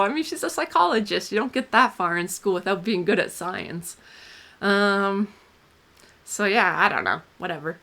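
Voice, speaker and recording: A woman's voice: medium pitch, sharp tone. A woman vlogging to camera in a rambling, giggly, casual confessional way, full of "like" and "um".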